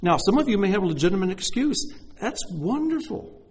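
Animated, lively-pitched male preacher. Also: quick pace. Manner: animated, emphatic preaching with direct address to listeners. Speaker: pastor. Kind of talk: sermon.

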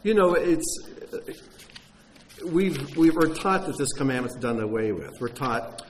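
A man's voice: mid-range voice, expressive, measured pace, a little hiss or hum. A man giving an earnest, emphatic sermon teaching, with some wry humor and frequent fillers and restarts. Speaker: teacher of a Messianic congregation.

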